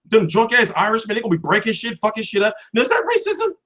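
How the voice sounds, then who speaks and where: Animated man in profane casual rant. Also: sits high, fast. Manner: loose, profane, rhetorical questions. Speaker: boxing show host. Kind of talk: casual livestream commentary.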